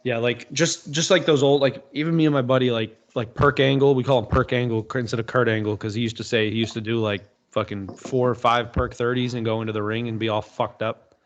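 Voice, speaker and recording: A man's voice: medium pitch, fairly even intonation, a little fast, lo-fi sound. Swearing, rambling man telling stories. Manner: loose storytelling, swears often. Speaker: podcast guest. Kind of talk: casual chat.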